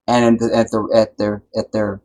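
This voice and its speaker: A man hosting a live stream, talking in an impassioned, preachy way that builds to loud, emphatic peaks and keeps checking that his listeners follow. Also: fairly low pitch, completely flat delivery, moderate pace, poor audio. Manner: preachy, builds to loud emphatic peaks, keeps asking "you see what I'm saying". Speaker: livestream host.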